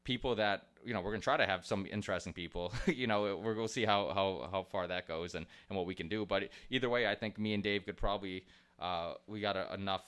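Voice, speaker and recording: A man's voice: low-pitched, quick pace, a bit bright, smooth. A man hosting a podcast in casual chat, rambling with many restarts, swearing and laughing easily. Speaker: podcast host.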